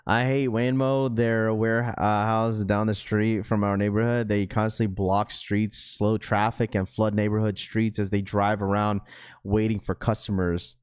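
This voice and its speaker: This livestream host keeps his delivery flat and unhurried, his low-leaning voice darkish and clean. He jokes loosely in casual slangy chat, reads viewer comments aloud, keeps saying bro, and laughs often.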